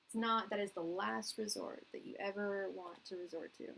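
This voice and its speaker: A woman's voice: mid-range voice, fairly even intonation, normal speed, vocal fry, fairly bright tone, slight background noise, rough recording. A woman in her thirties giving a live tarot reading, rambling and earnest, full of restarts and "like", at times teary. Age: 30s. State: tearing up. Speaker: tarot reader.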